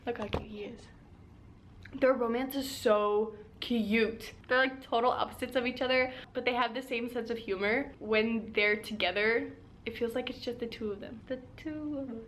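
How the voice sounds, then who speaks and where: A young woman vlogging from home about the book she is reading. Her voice sits a little high and she talks in a loose, animated way, full of "like" and quick asides. A faint hum of the room sits behind her. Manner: chatty and animated, lots of "like" and laughs. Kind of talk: casual reading vlog.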